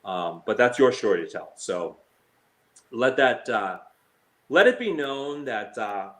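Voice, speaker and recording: Slow yet very animated, with a slightly bright tone, a slots streamer pours out hurt, heated talk on his live stream, stumbling over fillers and restarts. He ridicules people he quotes with a shrill high voice.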